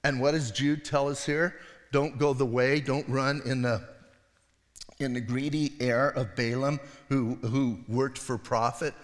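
A man's voice: mid-range voice, fairly even intonation, a little slow, long reverb tail. A middle-aged male pastor giving a sermon, retelling the story in a casual, conversational way with acted voices.

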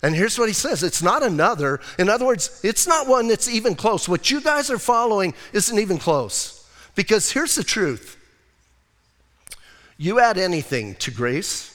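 A man's voice: high voice, a bit bright. Older guy preaching casual-like, talks to the crowd, big echoey hall. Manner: conversational preaching, rhetorical asides. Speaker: pastor. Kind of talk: sermon. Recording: long hall reverb.

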